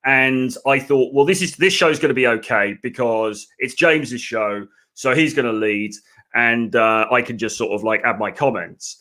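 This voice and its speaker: A man's voice: medium pitch, moderate pace, pushed and bright. A man hosting a live video-call chat show, talking in a chatty, rambling way with light teasing. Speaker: podcast host. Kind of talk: casual live-stream chat.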